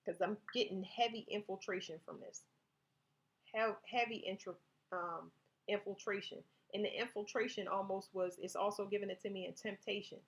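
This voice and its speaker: A woman talks through a tarot spread in a loose, conversational way, addressing her viewers directly. She reads passages from her cards aloud and often stops to restart a phrase. Her voice sits at an ordinary middle pitch. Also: fairly even intonation, normal speed. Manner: reads card text aloud. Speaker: tarot reader. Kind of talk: casual tarot reading.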